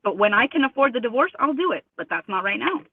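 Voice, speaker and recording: A woman's voice: on the high side, big pitch swings, fast talker. Indignant woman on a tinny phone line. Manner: emphatic, indignant, quotes others with mimicked voices. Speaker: interview guest. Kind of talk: remote interview over a call.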